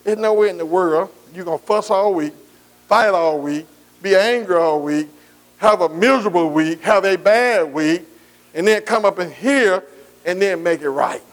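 High-voiced folksy preaching man. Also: moderate pace. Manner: folksy call-and-response preaching, frequent "amen". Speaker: pastor. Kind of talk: sermon.

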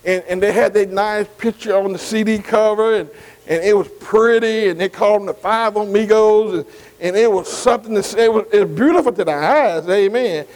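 A man's voice: sits high, brisk, darkish tone, low-quality recording. An older man teaching a Bible study sermon, filling his talk with "see?", "amen" and questions to the room. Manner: repetitive call-and-response, many "see" and "amen" asides. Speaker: pastor.

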